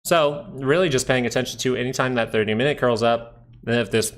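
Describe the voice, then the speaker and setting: A man's voice: medium pitch, brisk. A man hosting a live stream, casually talking through stock charts and trade setups as he looks at them. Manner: casual, thinking aloud over charts.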